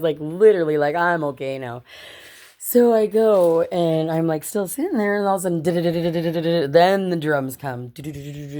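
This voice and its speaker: A woman's voice: low-pitched, darkish tone. A woman vlogger telling a personal story casually to her viewers, chatty and swearing, often laughing and calling them "you guys.".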